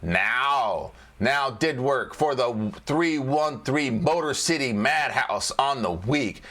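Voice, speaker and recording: A man's voice: mid-range voice, animated, slow, fairly bright tone. A man casually walking through stock charts as a trading educator, joking and repeating phrases as he goes.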